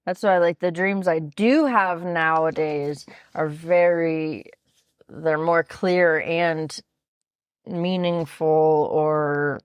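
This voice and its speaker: A woman's voice: deep voice, fairly even intonation, slow, smooth, dry recording. A woman in a casual podcast conversation, telling a story with frequent restarts and bits of laughter. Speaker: podcast guest, host's sister.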